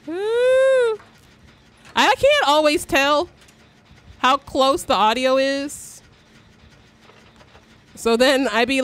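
A young woman streamer giving live gameplay commentary, excitable, swearing and shrieking when startled. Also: a little high.

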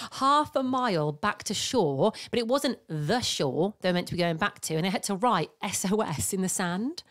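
A woman co-hosting a casual chat podcast, an expressive storyteller who laughs easily. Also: medium pitch, moderate pace, hardly any pauses. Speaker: podcast co-host.

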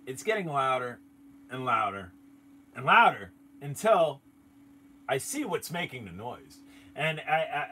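A man hosting a live stream, telling a story in an excitable, animated way and chatting with his viewers. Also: mid-range voice, a little hiss or hum. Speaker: channel host.

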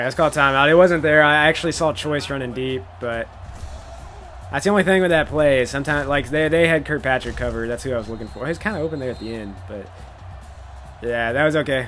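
A man giving casual commentary while playing a football video game, thinking aloud about his plays and breaking into excited laughter; his voice cracks now and then. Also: medium pitch, a little fast, soft background music. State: voice cracking, coughing.

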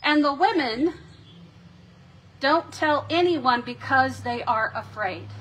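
A woman pastor preaches in an unhurried, reflective style, lifting the questions of scripture with dramatic emphasis. Her voice sits high and bright. A faint hum of room ambience lies beneath her words. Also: lively intonation. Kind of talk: sermon. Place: church sanctuary.

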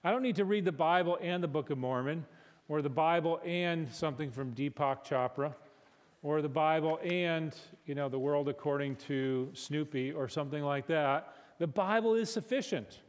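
Animated male preacher in a reverberant hall. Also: fairly high pitch, normal speed. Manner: animated, builds to emphatic peaks. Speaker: conference speaker. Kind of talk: conference teaching talk. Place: church hall.

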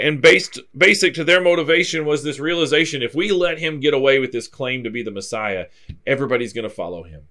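Man teaching a verse-by-verse Bible class. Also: mid-range voice. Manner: explanatory, steady, reads scripture aloud then comments.

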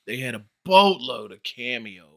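A man's voice: mid-range voice, lively intonation, moderate pace, fairly bright tone. A man joining a casual movie review chat as a guest, laid-back, laughing often and chiming in with short agreements. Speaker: co-host guest.

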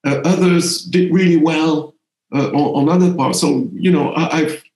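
Man, French accent, middle-aged, slightly high voice, hesitant and reflective, roomy echo. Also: normal speed, darkish tone. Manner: thoughtful, hesitant, frequent restarts. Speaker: interviewee, language professor. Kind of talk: conversational interview.

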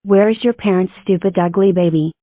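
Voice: medium pitch, brisk, dry recording, narrow, tinny audio, natural voice. A fan animator voicing a spiteful evil cartoon clone girl who taunts rudely. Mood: taunting. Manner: taunting, rude.

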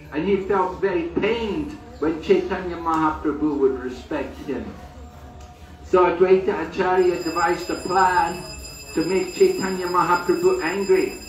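A man, a swami, telling a devotional story as a sermon to pilgrims at a holy site, unhurried and full of restarts and acted quotes. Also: a little high, far from the mic. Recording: echoey, voice from away from the mic.

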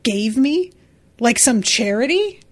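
A woman's voice: a little high, expressive, slow pace. A woman reading aloud as a wounded, defensive young male officer who speaks indignantly.

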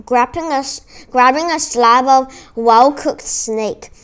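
A woman reading a children's adventure book aloud, expressive, with small restarts now and then. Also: sits high, slow. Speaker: audiobook reader. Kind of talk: children's audiobook read-aloud.

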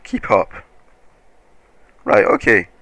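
A man giving casual, excitable game commentary, swearing often and laughing at his own play. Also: takes it slowly, no room sound. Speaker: gaming commentator.

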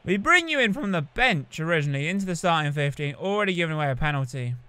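Young guy talking over his rugby game, bright voice, chatty and excitable. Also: fairly high pitch, fast, clean tone, dry recording. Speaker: gamer playing a rugby video game. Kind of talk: casual gameplay commentary.

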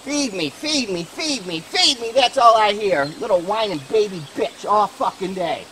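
A man's voice: high voice, lively intonation, normal speed, pushed and bright, slight background noise. A man playing a foul-mouthed, short-tempered hunter grumbling in the woods. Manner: profane, grumbling.

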